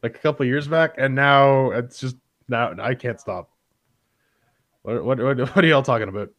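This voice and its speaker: A man's voice: mid-range voice, moderate pace, fairly bright tone. A Canadian man with a Canadian accent hosting a casual gaming podcast, rambling and repeating his words. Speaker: podcast host. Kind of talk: casual chat.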